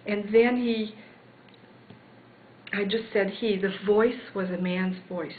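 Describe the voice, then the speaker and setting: Slow-talking woman on a phone-like line. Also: medium pitch, steady tone, slight background noise. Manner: reflective, searching for words. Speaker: interviewee. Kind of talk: recounting a near-death experience. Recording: roomy, phone-like recording.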